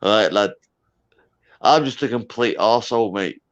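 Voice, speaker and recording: A man's voice: on the low side, normal speed. A Scottish man, tipsy with hiccups, rambling in boisterous drunken banter as a guest on a livestream. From Scotland. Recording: dull lo-fi sound.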